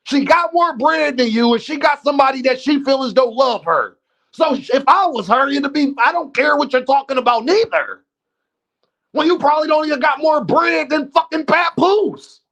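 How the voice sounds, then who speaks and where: A man's voice: very high voice, moderate pace, gravelly, fairly bright tone. A man hosting a livestream, ranting bluntly and profanely and talking straight to his chat. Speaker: livestream host. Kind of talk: unscripted livestream rant.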